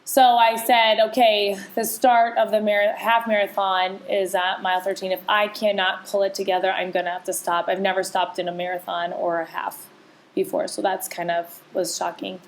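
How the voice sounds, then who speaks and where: A woman with a mid-range voice and flat delivery co-hosts a podcast, speaking at normal speed in loose, candid chat. She talks openly and emotionally, circling back and restarting her sentences often.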